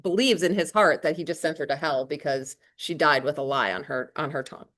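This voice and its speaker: Chatty lower-voiced woman teacher. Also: a little fast, fairly bright tone. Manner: chatty, emphatic, slangy asides with rhetorical questions. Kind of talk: casual classroom explanation.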